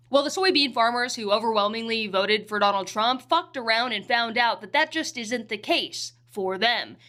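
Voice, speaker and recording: A woman's voice: fairly high pitch, normal speed, hardly any pauses, sharp tone. A woman giving sarcastic political commentary in a scornful, mocking manner.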